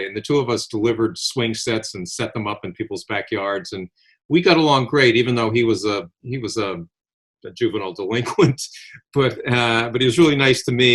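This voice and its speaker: An older man reminisces in an easygoing, conversational way. His voice sits in an ordinary middle pitch. He brings his stories alive by slipping into the voices of the people in them. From Connecticut, USA. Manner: animated anecdotal storyteller, acts out quoted voices. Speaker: podcast co-host. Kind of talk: casual reminiscing storytelling.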